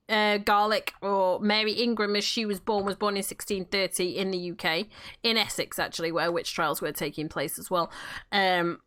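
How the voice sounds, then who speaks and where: A woman's voice: medium pitch, a bit bright. A woman from near Manchester with a Northern English accent, chatting casually while playing a game, swearing freely and often restarting her sentences. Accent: Northern English, Manchester area. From England, near Manchester. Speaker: game streamer and role-player.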